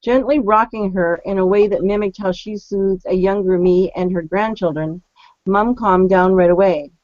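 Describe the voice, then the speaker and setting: A woman's voice: medium pitch, steady tone, moderate pace, darkish tone, no echo. A woman co-hosting a webinar, reading a submitted story aloud after playful chat. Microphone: computer mic on a video call. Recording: dull, dry computer audio.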